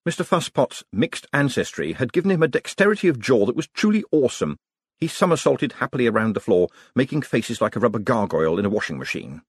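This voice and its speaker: A man doing wry, animated audiobook narration. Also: mid-range voice, fast, breathy edge, no room sound, clean studio sound.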